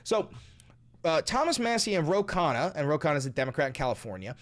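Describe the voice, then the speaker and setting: A man giving casual, profane political commentary, swinging from sarcastic muttering to excited outbursts. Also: fairly high pitch, fast talker.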